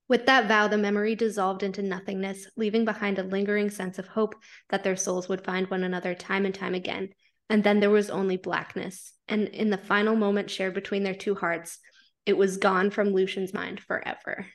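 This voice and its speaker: A woman's voice: mid-range voice, little pitch movement, brisk. A woman podcast co-host who reads fanfiction aloud, then chats casually, swearing freely and laughing as she reacts.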